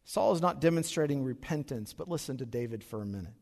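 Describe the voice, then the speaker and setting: A middle-aged male pastor preaching a sermon, swinging from loud emphatic peaks down to low quiet asides. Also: expressive, quick pace, vocal fry. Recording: long reverb of a large hall.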